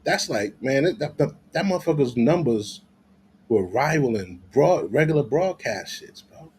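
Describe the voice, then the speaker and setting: A man's voice: mid-range voice, expressive, moderate pace, darkish tone, a little hiss or hum. A man giving loose, profane commentary in a vlog, laughing often as he rants. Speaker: vlogger.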